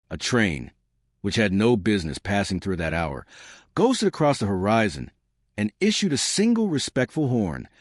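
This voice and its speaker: Low, lively man narrating a lyrical tale. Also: no echo, clean studio sound. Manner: slow, lyrical, measured delivery. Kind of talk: scripted narration.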